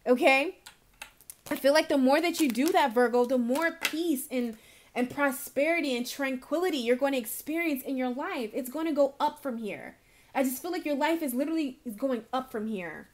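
A woman's voice: high voice, animated, moderate pace. A woman reading tarot cards at home, talking straight to her viewers in an emphatic, motivational way and calling them honey and baby. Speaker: tarot card reader.

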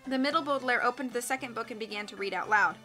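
Storybook reader, woman, steady narration, bright tone. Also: fairly high pitch, racing, faint music behind. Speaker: audiobook reader. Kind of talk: reading a children's novel aloud.

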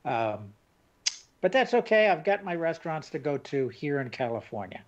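A man's voice: fairly high pitch, sing-song, moderate pace. Older man reminiscing, hesitant. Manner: reminiscing, hesitant with many uhs. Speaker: co-host. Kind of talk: casual chat. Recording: dull lo-fi sound.

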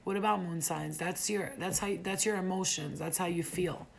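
A woman's voice: fairly low pitch, steady tone, moderate pace, gravelly, a little hiss or hum. A woman chatting casually on a livestream, rambling and swearing freely, and saying she feels like she is getting sick. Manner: loose, rambling and profane. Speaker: livestream host.

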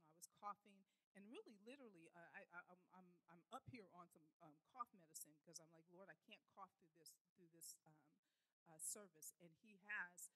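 Woman, middle-aged, guest preacher, sermon, hoarse voice, fervent, repetitive phrasing. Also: on the low side, bright, forceful tone, low-quality recording. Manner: fervent, repeats phrases, stumbles on words. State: recovering from flu, voice hoarse.

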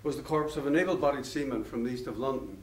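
A man's voice: medium pitch, quick pace, a little mellow. A man giving a public lecture, telling stories in a discursive, anecdotal way and chuckling at his own tales. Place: lecture hall. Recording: roomy hall, mic far off.

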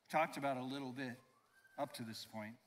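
A pastor preaching a sermon with emphasis. He slows down to stress key phrases and leads the congregation in call-and-response. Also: medium pitch. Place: church sanctuary. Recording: long reverb of a church hall.

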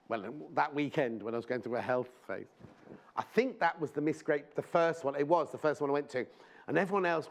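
A man hosts a live shopping show from a TV studio, his voice on the high side as he rambles through anecdotes and speaks fondly to viewers.

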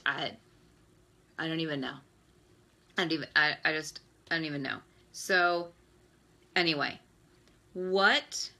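Woman, 30s, bright forceful voice, exasperated, ranting, live stream chat. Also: mid-range voice. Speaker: host. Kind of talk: Facebook Live talk.

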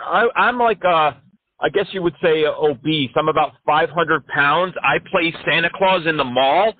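Brief: high-pitched male prankster, mocking and profane, tinny phone audio. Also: no room sound. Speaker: scam baiter.

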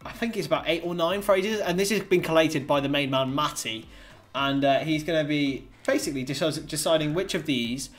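Male quiz host, somewhat high voice, upbeat delivery. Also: fairly quick, faint music behind. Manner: upbeat, plugs the channel. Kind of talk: casual quiz hosting.

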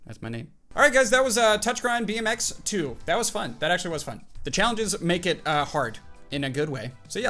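A young man with a somewhat high voice talks through a mobile game, jumping between puzzled muttering and excited outbursts. He hosts a casual gaming channel and narrates every move. Faint music plays underneath. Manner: excitable, jumpy, talks to himself while playing.

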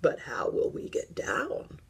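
A woman voicing a gentle, sleepy old male teddy bear who speaks softly and breathily in a storybook reading. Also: in a whisper. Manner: soft, slow and breathy.

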